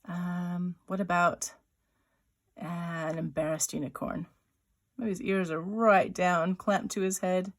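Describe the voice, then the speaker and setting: A woman's voice: lowish voice, fairly even intonation. A woman illustrator leading a drawing lesson, chatting playfully and thinking aloud as she draws. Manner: chatty and playful, voicing little sound effects; talks while drawing, with pauses and restarts. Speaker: writer-illustrator teaching a drawing workshop.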